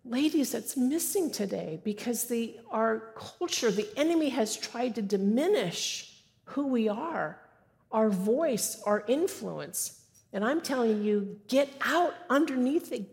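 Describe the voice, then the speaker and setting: Woman, middle-aged, sermon, exhorting, repeats phrases, slightly high voice, long hall reverb. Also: a little mellow. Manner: earnest, exhorting. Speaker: women's speaker. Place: church sanctuary.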